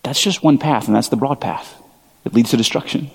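A male pastor gives a loose, chatty sermon, stumbling over fillers and restarts before building into animated stretches. His voice carries a husky edge, and it rings out with the long reverb of a big hall. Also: mid-range voice, fairly quick.

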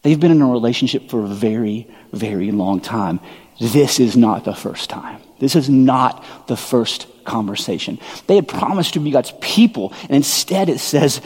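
A man in his thirties preaching a sermon, telling stories in a conversational, animated way with quick asides. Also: medium pitch, husky. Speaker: pastor. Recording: long hall reverb.

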